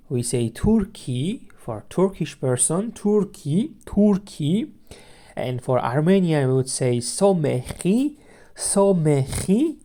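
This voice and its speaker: Slow, mellow-voiced language teacher. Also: mid-range voice. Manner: patient, repeats each word several times as a drill. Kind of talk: beginner language lesson podcast.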